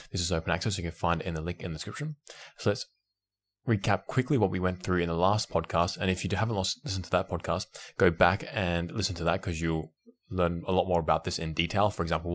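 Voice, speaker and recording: Deep-voiced man hosting a science podcast. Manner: enthusiastic, explanatory, occasional restarts and laughs. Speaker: podcast host. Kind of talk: educational podcast talk.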